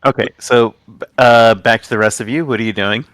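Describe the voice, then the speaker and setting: A man with a steady, mid-range voice runs a tabletop game as game master, with crowd noise around him. He talks haltingly and uses many fillers.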